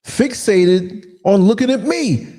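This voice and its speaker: A man's voice: sits high, expressive, slow pace, dark tone. An American man living abroad, telling a story in a casual podcast chat with sarcastic asides over a remote call. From United States. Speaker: podcast host. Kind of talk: casual conversation. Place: living in Africa.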